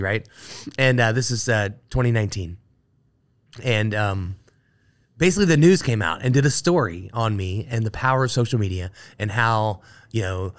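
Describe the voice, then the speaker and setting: A man, an Army veteran, telling a story as a podcast guest with animated, filler-heavy talk. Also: mid-range voice. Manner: animated, full of fillers like "like" and "you know". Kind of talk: casual storytelling interview.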